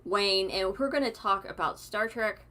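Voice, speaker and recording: A woman's voice: medium pitch, moderate pace, pushed and bright. A young woman hosting a live stream, chatty and giggly with a cackling laugh. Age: young adult. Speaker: host.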